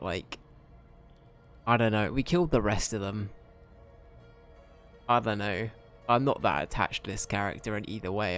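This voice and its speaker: A streamer chatting through his gameplay in a loose, rambling way. His voice sits a little low, and he keeps mocking himself and joking between thoughts. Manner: rambling, self-mocking, jokey. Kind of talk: casual gameplay commentary.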